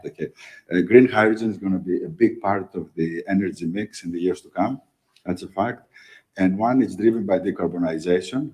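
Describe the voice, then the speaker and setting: A man, a company executive answering in a panel interview, talking haltingly with many fillers and emphatic "okay?" tags. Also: deep voice, darkish tone, low-quality recording. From Greece.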